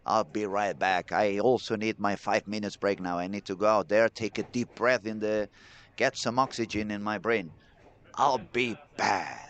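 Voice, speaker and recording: Excitable male bowling commentator. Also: lowish voice, normal speed, clean tone. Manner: chatty, excitable, reads chat messages aloud. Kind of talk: live sports commentary.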